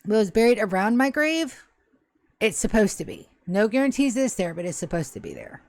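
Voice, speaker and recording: A flustered centuries-old ghost, put on by a woman running a tabletop game, who stammers, rambles and keeps correcting itself. The voice sits at an ordinary middle pitch and sounds close and dry, with no room around it. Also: big pitch swings, fairly quick, gravelly, darkish tone, no room sound. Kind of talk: tabletop game role-play.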